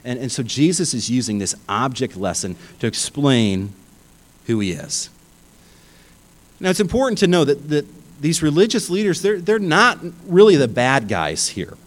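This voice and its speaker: A man preaching a sermon, emphatic and animated, often restarting his phrases. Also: medium pitch, normal speed, poor audio. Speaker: pastor.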